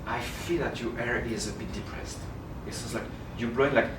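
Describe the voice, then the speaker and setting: French flute teacher in a roomy hall. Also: male voice, mid-range voice, steady tone, moderate pace. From France. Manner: coaching with sung syllables and demonstrations. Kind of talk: masterclass teaching. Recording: roomy, distant mic, noisy.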